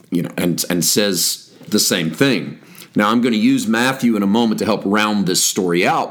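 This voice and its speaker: A man with a mid-pitched voice teaches from a Bible passage on his podcast. He reads verses aloud, then stops to stress key words and unpack them for listeners. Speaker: pastor.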